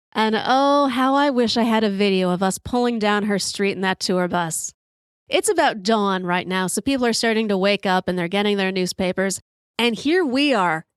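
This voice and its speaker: A woman in her fifties hosting a podcast, telling a story in an animated, profane way and acting out the quotes. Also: medium pitch, clear, resonant tone, no echo, clean studio sound. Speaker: podcast host. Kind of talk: storytelling monologue.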